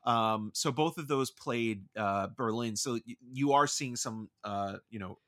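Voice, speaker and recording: A man's voice: medium pitch, a little slow, fairly bright tone. A man co-hosting a casual film podcast, rambling and hedging with frequent "like" and "I mean". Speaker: podcast co-host discussing films.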